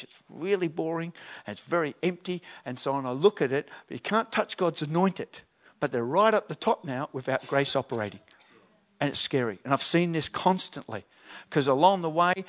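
A man, a pastor preaching a conversational sermon and acting out questions and voices with animation. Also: a little high.

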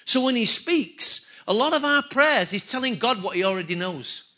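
High, bright-voiced male preacher. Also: normal speed. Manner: animated preaching, repeats key phrases, asks the congregation questions. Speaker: pastor. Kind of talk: sermon.

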